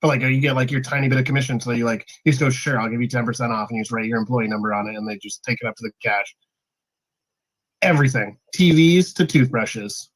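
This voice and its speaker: Guest, man from Canada, quick lively storyteller, mid-pitched. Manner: animated anecdote telling, laughs easily. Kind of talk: casual chat.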